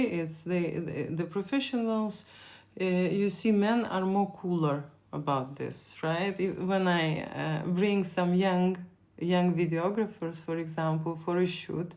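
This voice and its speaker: A Lithuanian woman with a Lithuanian accent answers viewer questions on a live stream, rambling, repeating words and leaning on lots of fillers. Her voice is on the low side with a darkish tone.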